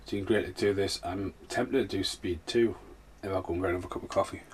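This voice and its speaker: Male podcast host, lowish voice, slurred rambling film commentary, hurting. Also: fairly even intonation, fast, slight background noise. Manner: rambling, laughs often. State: slurred speech; injured, in pain.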